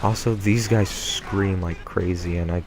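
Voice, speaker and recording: Low-voiced rambling gamer. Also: male voice, fairly even intonation, a little slow. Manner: rambling, full of ums and tangents. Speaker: let's play gamer. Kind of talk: casual gameplay commentary. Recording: home mic with clear background noise.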